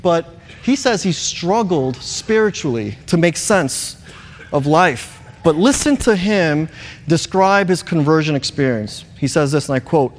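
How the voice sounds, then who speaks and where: A man's voice: fairly high pitch, lively intonation, a little slow, long reverb tail. A male pastor preaching a sermon in an earnest, emphatic way, repeating key words.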